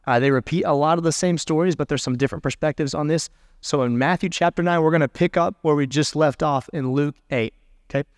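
A male pastor preaching a sermon in a conversational way, reading scripture aloud with pauses. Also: a little high, no echo, clean studio sound.

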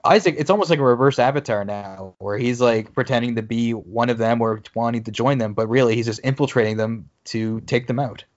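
A man's voice: medium pitch, a little fast, few pauses. Man recapping a show, lo-fi. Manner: recaps scenes by reading out dialogue, then jokes. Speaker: podcast co-host. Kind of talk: casual episode recap.

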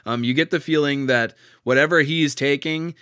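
Bright, smooth-voiced man musing on a play. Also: a little high, no echo, clean studio sound. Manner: halting, many fillers and restarts, laughs easily. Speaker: co-host discussing a play. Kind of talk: casual analytical discussion.

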